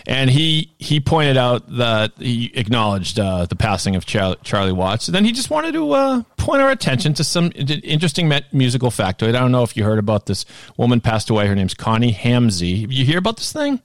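A man's voice: medium pitch, very animated, a little fast, no room sound. A man in his fifties co-hosting a podcast in casual, rambling chat, laughing often. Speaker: podcast co-host.

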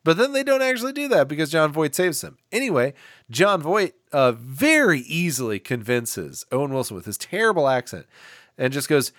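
A man's voice: a little high, sing-song, normal speed, fairly bright tone, no room sound, studio quality. A man co-hosting a casual movie podcast, joking around and acting out characters in mock voices. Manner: jokey, acts out quoted characters in mock voices. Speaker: podcast co-host. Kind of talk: casual movie review chat.

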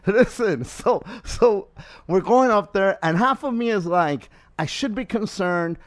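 A man's voice: fairly high pitch, dry recording. A man hosting a podcast, telling a story in casual chat, full of swearing and acted-out quotes. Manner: profane animated storytelling, acting out quotes. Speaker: podcast host.

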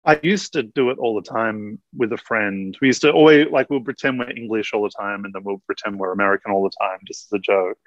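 A man's voice: on the low side, a little fast, few pauses, dry recording, highs cut off. A man in his forties from Australia with an Australian accent, chatting casually and self-deprecatingly as a podcast guest. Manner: rambling, self-deprecating, laughs often. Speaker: guest musician.

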